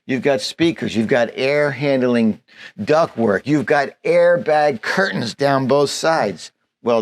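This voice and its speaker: A man giving a plainspoken, folksy walkthrough of a van build, demonstrating parts as he talks. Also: medium pitch. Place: inside a van.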